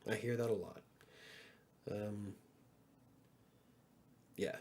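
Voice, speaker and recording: A man's voice: on the low side, extremely slow, creaky, a little mellow. A middle-aged man hosting a casual livestream, joking around and reading chat messages aloud. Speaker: livestream host.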